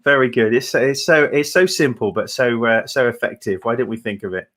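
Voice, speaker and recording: A man's voice: mid-range voice, a little fast, a bit bright. A man co-hosting a folk song livestream, chatting casually in a rambling, hesitant way with many fillers.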